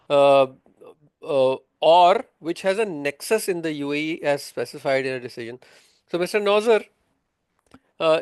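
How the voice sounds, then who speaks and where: A man's voice: a little high, clean tone, no echo, clean studio sound. A man teaching a tax course, explaining patiently, quizzing his students, with many filler sounds. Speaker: tax instructor. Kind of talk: interactive online lesson.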